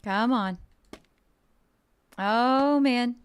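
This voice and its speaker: A woman game streamer chatting casually with her viewers while playing, bubbly and excitable, playful and joking. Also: fairly high pitch, very slow, clear, resonant tone. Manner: bubbly and excitable, with gasps and giggles; playful, jokes and role-plays as a mermaid.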